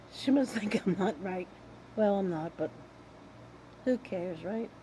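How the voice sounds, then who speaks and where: A woman's voice: mid-range voice, lively intonation, slow, dark tone, slight background noise, low-quality recording. An older woman rambling casually to the camera in a chatty vlog, wandering between tangents. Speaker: vlogger.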